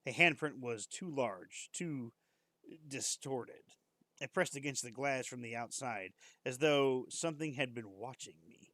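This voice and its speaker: A man's voice: medium pitch, a little slow, sharp tone, no room sound. A man streamer reading a horror story aloud on a live stream, casual and breaking off now and then to joke and comment.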